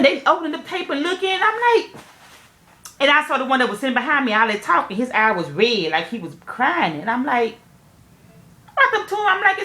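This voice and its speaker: A woman telling a story candidly to camera, animated and profane, speaking straight to her viewers. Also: high voice, fairly quick, reverberant. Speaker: nail technician vlogger.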